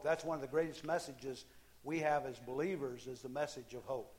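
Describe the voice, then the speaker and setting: A man's voice: mid-range voice, steady tone, a little fast, a little mellow. A man preaching a sermon, speaking earnestly with frequent restarts and fillers, acting out the cries of the people he quotes. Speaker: pastor.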